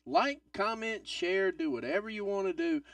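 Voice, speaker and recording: Excitable guy hosting a wrestling stream, high lively voice, bit gravelly. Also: moderate pace, no echo, distant mic. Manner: excitable, swings between loud outbursts and mutters, swears. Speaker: live stream host. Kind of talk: live wrestling watch-along commentary.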